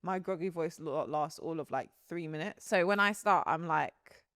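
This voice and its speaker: A young woman co-hosting a podcast in casual chat, animated and laughing often as her sentences tumble out. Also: low-pitched, normal speed, dry recording, clean studio sound. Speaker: podcast co-host.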